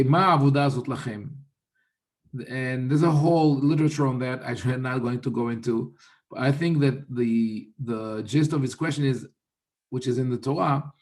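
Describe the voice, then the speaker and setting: A rabbi explaining religious texts in a thoughtful, unhurried teaching manner, often restarting sentences and quoting Hebrew. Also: male voice, medium pitch, darkish tone.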